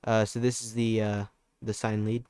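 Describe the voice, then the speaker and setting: A young man walks through a music production tutorial in a loose, laid-back way, with plenty of fillers and restarts. His voice sits low and stays fairly even. The sound is smooth and clear on a dry, close mic. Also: moderate pace, dry recording. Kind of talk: casual screen-recorded tutorial.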